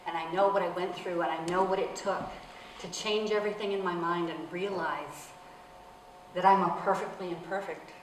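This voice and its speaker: A woman reverend giving an earnest, spiritual inspirational talk to an audience. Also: lowish voice. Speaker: reverend, speaker. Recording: echoey room from far off, faint noise.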